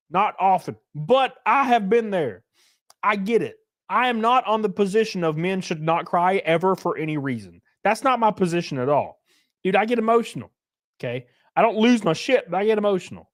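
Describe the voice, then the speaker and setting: A male streamer in a casual live-stream rant, blunt and profane, who reads chat aloud between points. His voice sits a little high for a man and swings widely in pitch. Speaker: streamer host.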